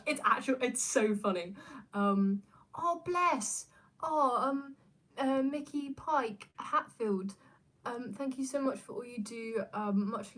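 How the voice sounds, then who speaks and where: A woman's voice: on the high side, a bit bright. Young Aussie woman streamer, rambly casual chat full of ums and restarts. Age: young adult. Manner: rambling, many fillers and restarts, laughs often. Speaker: streamer answering viewer questions.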